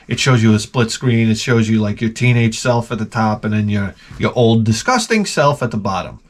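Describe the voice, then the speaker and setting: A man hosting a podcast in a casual comedic rant, sarcastic, mocking and full of profanity. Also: lowish voice. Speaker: podcast host.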